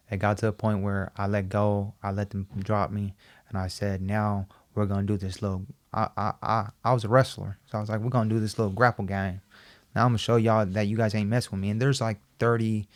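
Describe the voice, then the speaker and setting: A podcast interview guest with a somewhat low voice tells a personal story, fairly quick and animated. He often repeats himself and acts out other people's lines.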